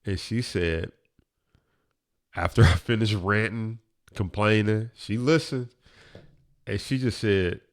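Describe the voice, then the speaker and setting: A man telling a personal story as a motivational speaker, earnest and building from hushed to emphatic. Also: on the low side, slow, long pauses.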